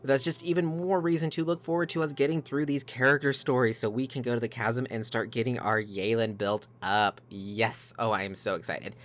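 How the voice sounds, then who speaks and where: This let's play host is a man chatting casually to his viewers, whom he calls "guys," as he commentates his gameplay into a desk microphone. His mid-range voice is flat in delivery and brisk, with hardly any pauses.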